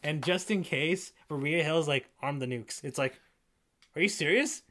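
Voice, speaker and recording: A man co-hosting a casual review chat, who swears and laughs and acts out characters' lines in quick put-on voices. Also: fairly high pitch, a bit bright. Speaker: podcast co-host.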